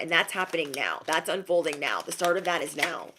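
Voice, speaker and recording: A woman's voice: lively intonation, brisk, noisy background. Sassy, emphatic woman reading tarot. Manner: sassy, emphatic, repeats lines for effect; mocks others in high put-on voices. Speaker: tarot reader. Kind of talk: casual tarot reading to viewers.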